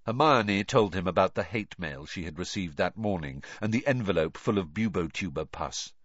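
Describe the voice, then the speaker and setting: Man, storybook narration, lively intonation, dry close sound. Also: low voice, normal speed, dry recording, muffled recording. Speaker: audiobook narrator.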